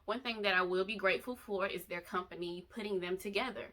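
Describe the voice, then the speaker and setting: A woman's voice: mid-range voice, quick pace. A young woman, vlogging to her viewers in an emotional, emphatic way. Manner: animated, emphatic, addresses viewers directly. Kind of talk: emotional fan vlog. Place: bedroom.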